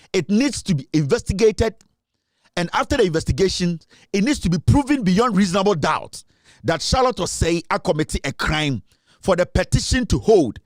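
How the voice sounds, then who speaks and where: A Ghanaian man runs his commentary show in a high, lively voice. He presses every point, repeats himself for force and slides between English and Twi. The sound is dry and close. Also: no room sound. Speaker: show host.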